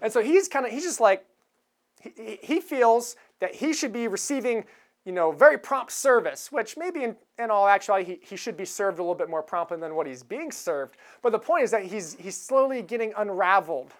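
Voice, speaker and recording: A woman's voice: mid-range voice, lively intonation, a little fast. Woman preacher, casual chatty sermon delivery, easy chuckles, mid-range voice. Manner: conversational, chuckles while retelling a film scene.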